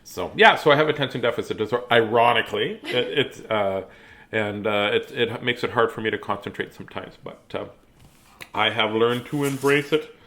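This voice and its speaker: There's slight background noise as a man in his fifties reads a children's book aloud live. His medium-pitched voice is fairly quick with a sharp tone, and he chats, jokes and strays off topic between pages in a casual manner.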